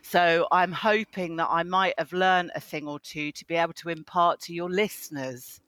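A man's voice: on the high side, steady tone, moderate pace, pushed and bright, clean tone, no room sound. A man, a psychotherapist telling his life story in a chatty, self-deprecating way as an interview guest. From England. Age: 50s. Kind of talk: interview conversation.

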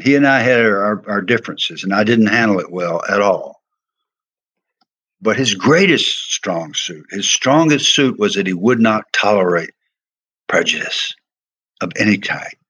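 Older Southern man, former coach, husky and low, emphatic storyteller. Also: animated, unhurried, a bit bright. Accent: American Southern. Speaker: former pro football player and coach, guest. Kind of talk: storytelling interview.

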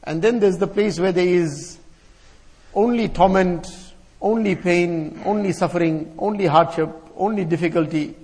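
A man's voice: high voice, moderate pace, a little mellow. A man giving a sermon to scholars and elders, chanting Arabic verses and explaining them in rhythmic repeated lists. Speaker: Islamic scholar giving a talk. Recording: long hall reverb.

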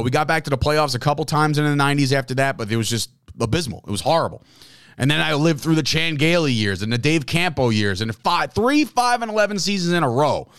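A man in his thirties hosting a podcast, telling a story in an excitable, rambling way and often correcting himself. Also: mid-range voice, smooth, no echo, clean studio sound. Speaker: podcast host. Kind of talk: casual monologue. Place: lives in New Jersey.

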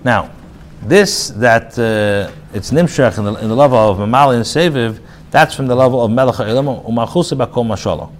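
A male rabbi teaches a text class in a casual, conversational way, reading Hebrew phrases aloud and then paraphrasing them in plain English, with frequent restarts and filler words. His voice is mid-range at a moderate pace, with slight background noise.

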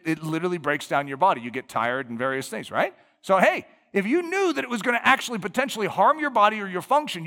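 An American man preaching to his congregation, his high, bright voice leaping up and down as he stacks emphatic lists. He throws out rhetorical questions and presses his points with animated conviction. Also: long reverb tail. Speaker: pastor. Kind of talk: sermon.

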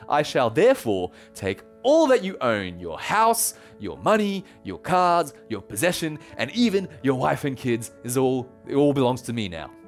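A male pastor voicing a powerful king in a retold story, speaking lower than his own voice and in a commanding way. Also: big pitch swings, normal speed, hardly any pauses, soft background music. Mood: stern. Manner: commanding, then gentle and forgiving. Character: stern powerful king, older man.

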